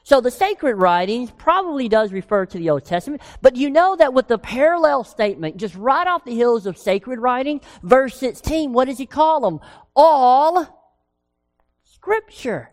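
A woman preaching a sermon with emphasis, asking the congregation rhetorical questions and slowing down on key words. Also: fairly high pitch, sing-song. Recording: long reverb of a large hall.

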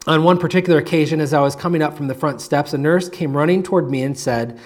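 A pastor reads a moving story aloud during his sermon, measured in delivery, slowing and dropping to a hush on the key phrases. His voice is on the high side with a steady tone.

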